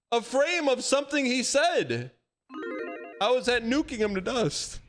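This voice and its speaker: A man in his thirties with a high voice hosts a livestream in casual chat. He rambles animatedly and protests in a mock-defensive way. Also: expressive, measured pace, a bit bright, faint music behind. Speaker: livestream host.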